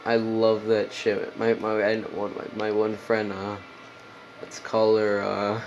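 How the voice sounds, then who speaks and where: A man's voice: fairly low pitch, completely flat delivery, slow pace, dull audio, slight background noise. A man hosting a casual solo podcast, rambling and swearing, with lots of "like" and "dude". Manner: rambling, profane, heavy on "like" and "dude". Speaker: podcast host.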